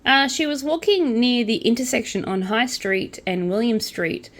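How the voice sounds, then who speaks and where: Speaking at a moderate pace with a fairly high pitch, this young woman hosts a casual crochet and true-crime channel. She reads news items out loud, chats between them, and murmurs counts softly to herself.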